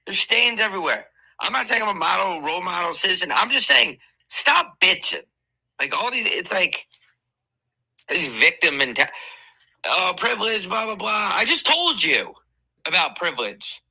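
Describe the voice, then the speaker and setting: A man hosting a podcast, delivering a profane, animated comedic rant from his bed, slowing down for emphasis. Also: high-pitched, husky, low-quality recording. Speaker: podcast host. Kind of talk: ranting comedic monologue.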